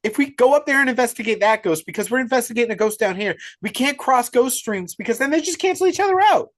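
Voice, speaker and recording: A man doing a shrill, panicky young streamer. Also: expressive, quick pace. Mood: panicked. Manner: high, frantic pleading. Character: panicky young male streamer, whiny and cowardly.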